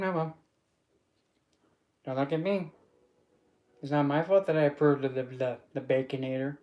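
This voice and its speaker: A streamer rambling loosely through a casual livestream chat, often giggling and breaking into exclamations. They talk back to viewers with teasing pet names, in a voice of middling pitch. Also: steady tone, moderate pace, pauses often, dull audio. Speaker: streamer hosting an open chat.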